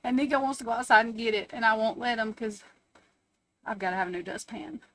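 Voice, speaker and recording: A woman's voice: on the high side, fast, a bit bright. A woman hosting a casual live stream from home, chatting, swearing freely, laughing often and answering her chat.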